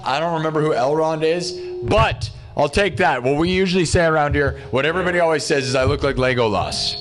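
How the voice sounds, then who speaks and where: A man hosts a live music stream and talks casually to his viewers. His voice sits somewhat high, and he rambles in an upbeat way, thinking out loud and restarting his sentences. Faint music plays behind him. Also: expressive, a little fast. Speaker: livestream musician host.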